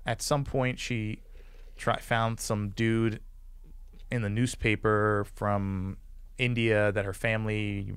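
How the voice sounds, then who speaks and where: A man's voice: on the low side, clear, resonant tone, no echo, studio quality. A man in his forties, a podcast guest, telling rambling stories from his life, full of "like" fillers and acted-out quotes. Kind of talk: casual storytelling interview.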